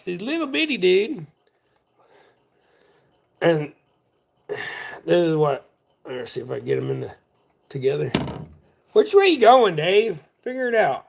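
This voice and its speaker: Easygoing man, slightly high voice. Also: very animated, unhurried, gravelly, long pauses, a little mellow. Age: adult. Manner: chatty, drawling, easygoing, talks while working with his hands. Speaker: livestream host. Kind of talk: casual rambling livestream chat.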